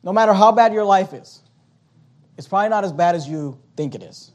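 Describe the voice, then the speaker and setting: A man's voice: high-pitched, lively intonation, brisk, darkish tone, lo-fi sound. A man preaching a sermon as pastor, emphatic, with rhetorical questions and frequent restarts.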